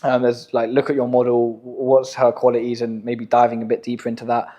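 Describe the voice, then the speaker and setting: A man's voice: medium pitch, monotone, fairly quick, mellow. A young English man hosting a casual podcast chat, telling stories in slangy, profane talk. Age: young adult. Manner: slangy, swearing, storytelling. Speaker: podcast host, agency owner.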